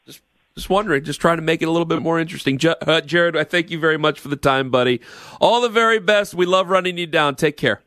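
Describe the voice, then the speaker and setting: High, bright-voiced ranting radio host. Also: male voice, fast talker, no room sound, studio quality. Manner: blunt, ranting, sarcastic. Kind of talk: sports talk radio monologue.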